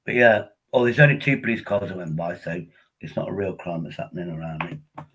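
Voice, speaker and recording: Husky drunk East Midlands man rambling. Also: low voice, expressive, a little fast, fairly bright tone, low-quality recording. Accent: East Midlands English. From Derbyshire, England. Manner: rambling, slurred, repeats himself. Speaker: vlogger. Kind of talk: casual chat.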